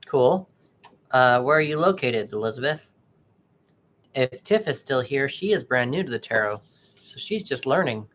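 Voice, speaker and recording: A man hosting a tarot livestream, chatting casually and haltingly with viewers and greeting them by name. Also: medium pitch, lively intonation, a bit bright.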